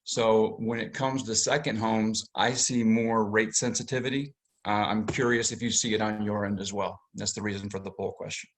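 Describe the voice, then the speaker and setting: A lower-pitched man speaks into a computer mic on a video call. He is a mortgage lender walking realtors through how rates work, and he explains at length with plenty of fillers and restarts. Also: little pitch movement, moderate pace. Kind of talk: webinar presentation.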